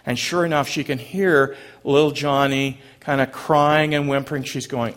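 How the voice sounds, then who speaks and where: A middle-aged man, a pastor, preaching a sermon and telling a story in a gentle, halting way. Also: a little high, big pitch swings.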